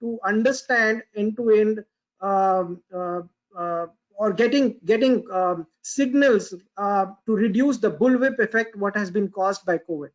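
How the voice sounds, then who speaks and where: A man giving opening remarks on a panel, halting and groping for words. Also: high voice. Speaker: supply chain panelist. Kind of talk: panel discussion over video call. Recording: muffled video call audio.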